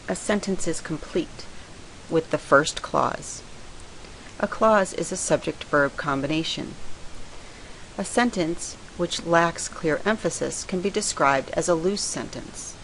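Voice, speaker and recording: A woman reading a scripted writing lesson in a measured, explanatory way. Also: deep voice, gravelly, slight background noise, rough recording. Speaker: writing teacher. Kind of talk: scripted lecture narration.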